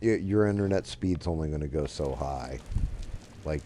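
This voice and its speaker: A man's voice: rumbling low, lively intonation, moderate pace, noisy background. A middle-aged man hosting a stream, chatting casually and rambling while gaming, swearing offhandedly into a desk microphone. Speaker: streamer, host.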